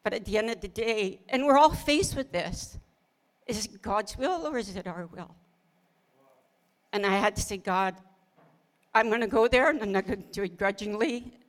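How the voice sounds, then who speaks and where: A woman's voice: medium pitch, moderate pace, long pauses. A middle-aged woman co-hosting a casual ministry talk, telling her story with earnest feeling, often laughing and quoting her own prayers. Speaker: pastor's wife, co-host.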